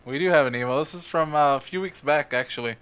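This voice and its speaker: A man's voice: fairly high pitch, fast, fairly bright tone, clear, resonant tone. A man co-hosting a casual podcast, reading a listener's email aloud with laughs and stumbles. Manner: reads aloud with laughs and restarts.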